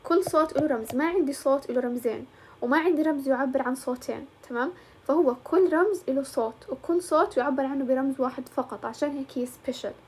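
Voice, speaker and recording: A woman teacher walks through a lesson step by step. She talks in a fairly high voice. She moves easily between English and colloquial as she explains. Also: rapid-fire, darkish tone, slight background noise. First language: Arabic.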